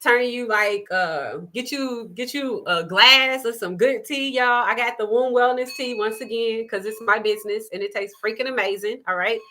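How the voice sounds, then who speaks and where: A woman hosting a spiritual live stream, speaking in an impassioned monologue with emphatic, repetitive, preacher-like phrasing and gentle asides. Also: on the high side, moderate pace, few pauses. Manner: shifts into soft, gentle asides to her child.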